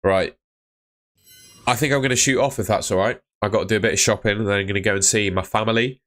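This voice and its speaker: A man's voice: lowish voice, fairly even intonation, quick pace, a bit bright. A young man chatting casually on a live stream, answering viewers' comments about fantasy football. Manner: chatty, reads out chat comments.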